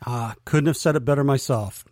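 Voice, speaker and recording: A man's voice: medium pitch, brisk, a little mellow, no echo, clean studio sound. A man co-hosting a sports podcast, asking questions and agreeing in casual chat. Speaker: podcast co-host.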